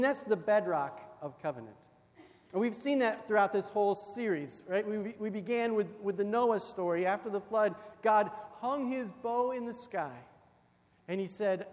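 A pastor tells a story from the pulpit with a lot of energy, acting out the voices in it. His voice sits high for a man. The sound carries a long reverb, as in a church sanctuary. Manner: storytelling, animated, acts out voices in the anecdote. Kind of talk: sermon with personal story.

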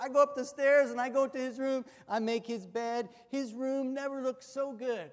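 A male pastor with a high voice tells stories in his sermon, animatedly playing the characters in his anecdote. He speaks at normal speed with few pauses, and a large church hall adds long reverb.

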